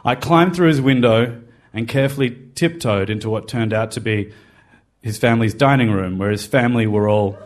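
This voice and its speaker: A man's voice: medium pitch, moderate pace. A man telling a personal story, wry and self-deprecating, in a confessional way. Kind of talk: personal story told to a live podcast.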